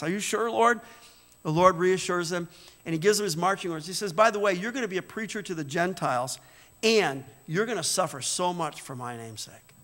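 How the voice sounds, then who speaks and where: An older man preaching a sermon from the pulpit, animated, swinging between loud exclamations and quiet reflection. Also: high-pitched. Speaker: pastor. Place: church sanctuary. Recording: church hall reverb.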